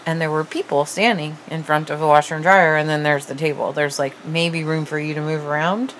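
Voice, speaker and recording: A woman's voice: deep voice, fairly even intonation, fairly quick, slight background noise, low-quality recording. A woman in casual, frank conversation, chatting openly, laughing often and trailing off mid-sentence. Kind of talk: casual candid chat.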